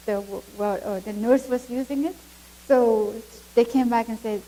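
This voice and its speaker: A middle-aged woman with a Mongolian accent tells her story to a church, animated and quick to laugh. Her voice sits a little high but sounds mellow. English is her second language. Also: poor audio. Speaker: guest speaker. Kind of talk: church testimony.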